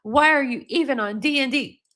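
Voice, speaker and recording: A woman's voice: high voice, a bit bright. Woman reading out an upset young girlfriend's texts. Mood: exasperated. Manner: reading angry texts aloud, rapid and exasperated. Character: upset young woman texting her boyfriend.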